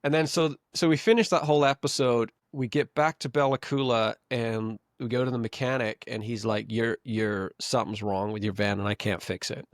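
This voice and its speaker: A man's voice: medium pitch, steady tone, moderate pace, hardly any pauses, no room sound, clean studio sound. A man hosting a podcast, telling a long road-trip story in a rambling, self-correcting way. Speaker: podcast host. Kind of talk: casual chat.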